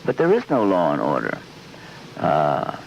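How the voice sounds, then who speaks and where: Rambling, animated older man. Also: rumbling low, a little slow, creaky. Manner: rambling, animated, acts out quotes in voices. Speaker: interview guest. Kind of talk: off-camera television interview. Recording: dull lo-fi 1970s archive audio with faint hiss.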